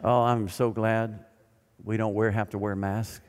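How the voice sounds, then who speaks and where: An older man preaching a sermon as pastor, animated and then dropping to quiet emphasis. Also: lowish voice, unhurried, a little hiss or hum. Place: church sanctuary. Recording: long reverb of a large hall.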